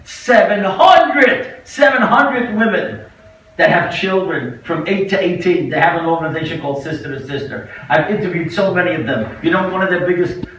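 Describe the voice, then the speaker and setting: A man, a rabbi, giving a storytelling speech at a banquet, moving between hushed and impassioned delivery. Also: a little high. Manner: dramatic, swings from hushed to impassioned. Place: large banquet hall. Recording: echoey hall recorded from far off, faint noise.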